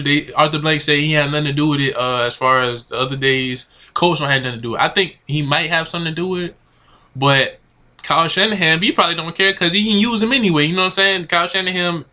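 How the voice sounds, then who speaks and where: Into his camera mic, a male sports fan rants casually, exasperated and slangy, repeating himself. His voice is on the high side with a sharp tone.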